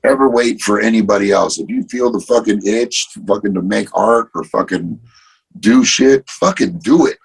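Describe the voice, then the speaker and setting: A man with a low, gravelly and deeply raspy voice, talking as a guest in a loose, casual chat. He tells stories with animation and swears freely. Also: moderate pace, low-quality recording. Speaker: interview guest.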